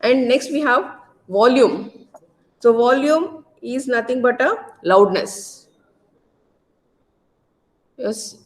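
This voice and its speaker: A woman lecturer with an Indian English accent from Karnataka, giving a loud, repetitive classroom lecture full of tag questions. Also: fairly high pitch, expressive, slow pace, long pauses. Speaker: college lecturer.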